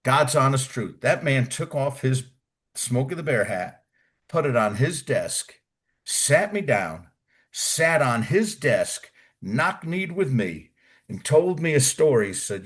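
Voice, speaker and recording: Unhurried, husky, and animated at a medium pitch, a retired Army Ranger from the United States relates his basic training days. The middle-aged interview guest swears freely and acts out quotes in colorful, casual storytelling.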